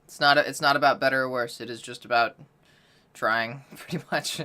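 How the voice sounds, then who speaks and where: A woman's voice: rumbling low, fairly even intonation, a little fast, bright, forceful tone. A woman streamer chatting loosely during a voice-training session, swearing casually and apologizing for being out of practice. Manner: self-deprecating, apologetic about being out of practice.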